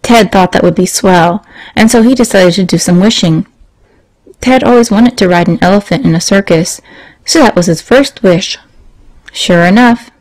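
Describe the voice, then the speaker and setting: A woman narrating a children's moral story in a gentle storytelling manner, asking the young listeners questions. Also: mid-range voice, low-quality recording.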